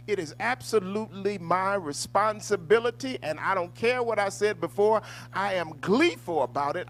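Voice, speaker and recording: A man hosting a live-stream talk show, swinging between a hushed, mock-calm delivery and loud, preaching rants. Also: high voice, normal speed, noisy background. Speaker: host. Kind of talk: live-stream commentary segment.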